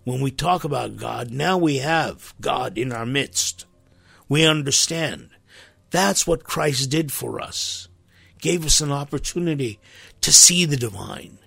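Impassioned gravelly male preacher. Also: mid-range voice, animated, a little slow, no room sound. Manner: impassioned, rising to sharp emphasis. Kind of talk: sermon.

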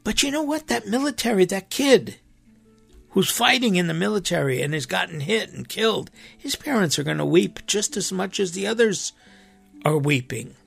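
Gravelly, husky man, earnest and emphatic. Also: sits high, moderate pace, faint music behind. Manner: earnest, emphatic, with animated rises and quoted voices. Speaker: preacher. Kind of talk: impassioned conversational talk.

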